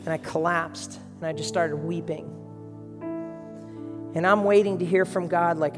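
A man delivers a heartfelt sermon, moving from quiet reflection into earnest storytelling. His voice rings through a church hall with a long reverb. Soft music plays faintly underneath. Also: fairly high pitch, steady tone, a little slow, long pauses. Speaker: pastor.

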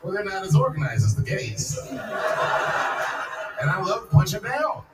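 A man's voice: high-pitched, huge pitch swings, unhurried. A man in his forties performing a stand-up comedy set, telling loose, profane stories that build to punchlines in a large live venue. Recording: echoey live venue, distant mic, audience noise.

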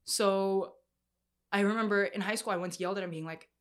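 A young woman telling a personal story to her audience, soft and halting, with many restarts. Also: medium pitch, steady tone. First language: Korean heritage, speaks some Korean. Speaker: speaker sharing a personal story.

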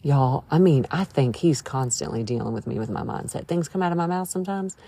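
A woman's voice: very deep voice, lively intonation, brisk, mellow, breathy edge. A woman hosting a devotional podcast, talking to listeners in an earnest, emphatic, conversational way. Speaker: podcast host.

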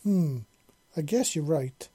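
A man's voice: fairly high pitch, animated, slow pace, warm tone, breathy edge, full character voice. A man voicing a young black-furred feline girl who sounds timid at first and then speaks bluntly. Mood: frank.

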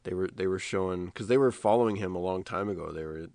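A man co-hosting a podcast in casual chat, telling stories in a rambling, animated way with many restarts. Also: deep voice, fast, no room sound. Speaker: podcast co-host.

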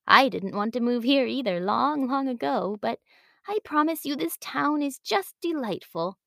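A woman voicing a kindly older woman neighbor in a storybook, gentle and welcoming. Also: high-pitched, animated, measured pace, creaky, no echo, clean studio sound, pitched above the performer's own voice, exaggerated voice.

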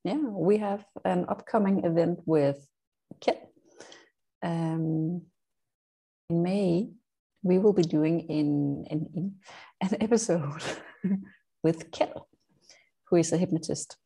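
Woman, Danish accent, dark mellow tone, breathy, casual podcast chat. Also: fairly low pitch, slow pace, long pauses. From Denmark. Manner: chatty, laughs often. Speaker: podcast co-host.

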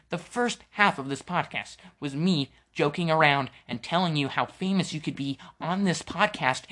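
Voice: mid-range voice, fairly bright tone. A podcast host with an American accent ranting casually and alone, joking and wandering off on tangents. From United States. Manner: rambling, jokey, sidetracks and interrupts itself. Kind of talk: casual opinion rant.

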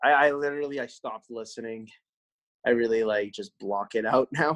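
A man's voice: mid-range voice, moderate pace. Blunt, swearing man in casual chat. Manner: blunt, swears constantly, animated. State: sore from a workout.

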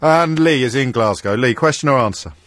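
Host, male: brisk, lively pitch, playful and self-mocking, dry studio mic. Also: noisy background. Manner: fast, quick-witted, playful, self-deprecating. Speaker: radio host. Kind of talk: live radio phone-in. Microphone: studio microphone.

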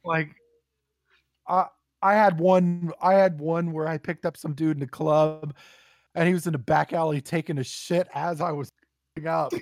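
A man telling profane, animated stories in a casual podcast chat. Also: on the high side, moderate pace, no room sound.

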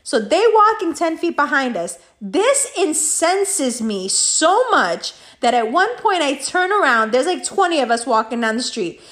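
A woman telling a story in a vlog, animated and heavy on profanity. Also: high voice, a little slow, few pauses.

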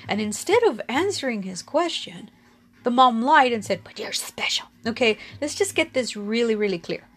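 A woman's voice: mid-range voice, husky. A woman telling a personal story in a casual, candid way. She speaks frankly, swears casually and often laughs. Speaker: storyteller sharing personal experience.

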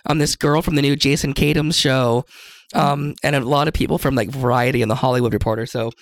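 A man's voice: medium pitch, steady tone, brisk. A man from the Seattle area hosting a casual interview, joking and self-deprecating. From Seattle area, USA. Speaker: podcast host.

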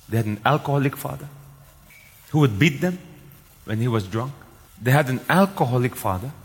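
A man's voice: medium pitch, breathy edge. A man from Northeast India preaching a sermon as a pastor, emphatic, repeating key lines with rising force. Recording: long hall reverb.

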